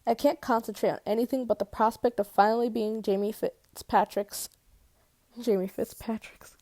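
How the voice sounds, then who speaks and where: A woman's voice: on the high side, steady tone, normal speed, mellow, dry recording. A woman reading a first-person novel aloud in a casual way, correcting her slips and swearing at them. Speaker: audiobook reader.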